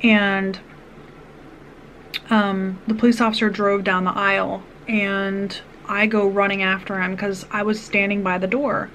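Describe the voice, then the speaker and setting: A woman's voice: mid-range voice, level tone, unhurried, fairly bright tone, slight background noise, poor audio. Earnest woman vlogger telling a personal story. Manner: earnest, rambling retelling with restarts and asides.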